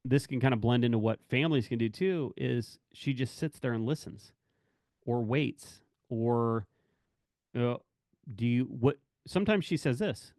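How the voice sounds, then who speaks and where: A man's voice: medium pitch, unhurried, darkish tone, no room sound, studio quality. A man who works in corrections talks candidly about work and family, rambling and correcting himself as he acts out bits of dialogue. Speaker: corrections officer speaking to staff.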